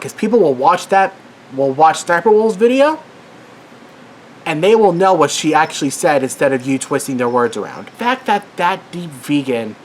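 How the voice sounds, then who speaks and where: A man's voice: on the high side, slight background noise. A worked-up man giving an angry commentary rant as a vlogger, swearing and exasperated.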